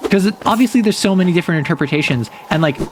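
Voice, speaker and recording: A man's voice: high voice, expressive, very fast, noisy background. A man chatting casually while streaming a game, rambling and saying "like" often. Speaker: VTuber streamer. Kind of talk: casual gameplay stream commentary.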